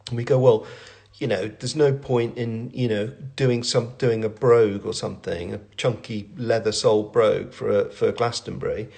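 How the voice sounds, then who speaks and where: Middle-aged man, creaky voice, chatty phone live-stream host, meandering and self-deprecating. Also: fairly low pitch, steady tone, normal speed, darkish tone. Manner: rambling, self-deprecating, chatty with many fillers and restarts. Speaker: brand owner and creative director hosting a live Q&A. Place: at home, with family in the room.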